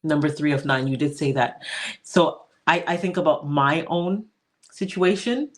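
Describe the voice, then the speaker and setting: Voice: medium pitch, measured pace. A podcast host in casual conversation, offering brief, supportive affirmations and follow-up questions. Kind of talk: casual interview chat.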